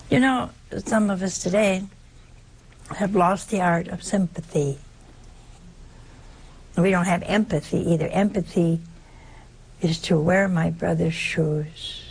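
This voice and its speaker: A woman preaching an informal sermon in a conversational way, asking rhetorical questions and suddenly leaping up in pitch for emphasis. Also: measured pace, vocal fry, long pauses, a little mellow, husky.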